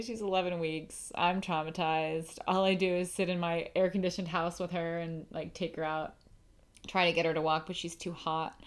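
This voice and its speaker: A young woman talks through her own podcast from home in a loose, rambling way, full of fillers and restarts. Her voice sits a little low for a woman. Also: brisk. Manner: rambling, emotional, lots of fillers and self-interruptions. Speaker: podcast host. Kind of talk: casual solo podcast chat.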